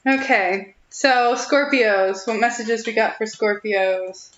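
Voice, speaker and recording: Young woman doing a live tarot reading, giggly and reassuring, kinda high voice, echoey room. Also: takes it slowly, fairly bright tone, muffled recording, a little hiss or hum. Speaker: tarot reader.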